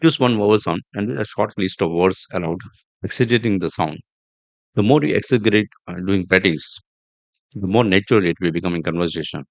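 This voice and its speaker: Deep-voiced man teaching pronunciation. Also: dry recording. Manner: slow, repeats example words aloud. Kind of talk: podcast accent lesson.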